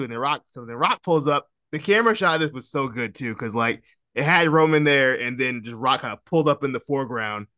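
A man co-hosting a podcast in casual chat, talking excitedly, laughing and swearing. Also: mid-range voice, brisk, no echo, studio quality. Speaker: podcast co-host.

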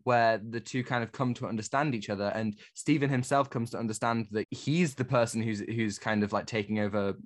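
A man's voice: fairly low pitch, fairly even intonation, fairly quick, hardly any pauses. A man co-hosting a podcast, talking through a television series in a casual, enthusiastic review chat. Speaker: podcast co-host.

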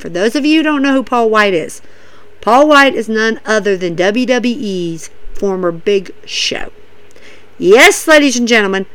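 A woman hosting a wrestling show, recapping matches in an excitable, rambling way with lots of fillers. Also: mid-range voice, normal speed, clean tone, poor audio. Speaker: wrestling podcast host. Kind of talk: casual recap and commentary.

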